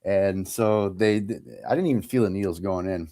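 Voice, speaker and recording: A man co-hosting a sports talk stream, telling a story with animated, casual delivery. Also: low-pitched, moderate pace. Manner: animated storyteller, acts out quotes. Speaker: co-host.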